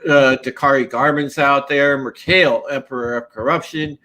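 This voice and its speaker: A man's voice: mid-range voice, fairly even intonation, normal speed, pushed and bright. A man hosting a podcast and running a casual live-stream panel intro, loose and chatty with many fillers and restarts. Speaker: podcast host.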